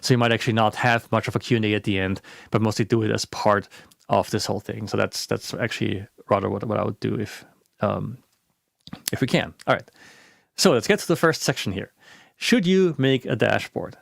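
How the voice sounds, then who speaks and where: A man presenting a webinar talk in a relaxed, conversational way, with frequent restarts and fillers. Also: on the low side, a little fast, vocal fry, dry recording, clean studio sound.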